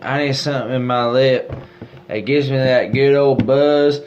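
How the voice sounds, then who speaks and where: A man's voice: mid-range voice, steady tone, measured pace, a little mellow. Rambling man with a mock good-ol'-boy drawl. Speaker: podcast co-host. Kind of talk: comedic podcast banter. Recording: slightly dull recording with faint noise.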